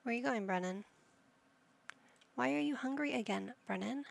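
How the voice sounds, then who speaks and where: A woman's voice: fairly high pitch, moderate pace, creaky. A woman giving casual let's-play commentary, playful and motherly, with silly made-up words. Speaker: gaming video host.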